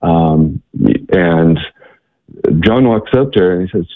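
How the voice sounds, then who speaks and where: A man talking as an interview guest, telling stories in a halting way, with many fillers and repeated words. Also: low-pitched, dry recording. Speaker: guest, charity worker. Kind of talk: casual interview storytelling. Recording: tinny, dry phone-like line.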